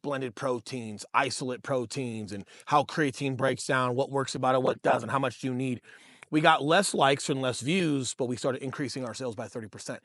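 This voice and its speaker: Man, 30s, casual podcast storyteller, profane, animated, mid pitch, dry close sound. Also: normal speed, no room sound. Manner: animated, profane, calls listeners bro and dude. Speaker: podcast co-host and real estate agent.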